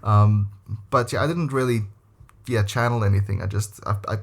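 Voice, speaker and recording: A man's voice: on the low side, normal speed, gravelly. Laid-back South African man. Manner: laughs often and swears casually. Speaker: guest, English teacher. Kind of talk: casual conversation.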